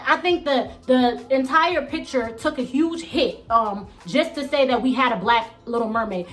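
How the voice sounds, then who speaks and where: A woman's voice: high voice, a bit bright. A woman vlogger giving blunt, emphatic opinion commentary, often tagging points with "okay?".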